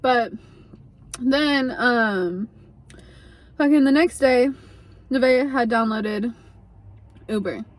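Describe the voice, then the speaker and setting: A young woman vlogger telling a casual, profane storytime, chatty and animated, with lots of "like". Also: on the high side, slow pace, pauses often. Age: young adult.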